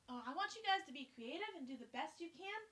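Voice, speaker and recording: A young woman teaches a class, talking students through a task in a friendly, chatty way. She explains each step plainly. Her voice is high. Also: expressive, quick pace, a bit bright. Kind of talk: classroom instruction.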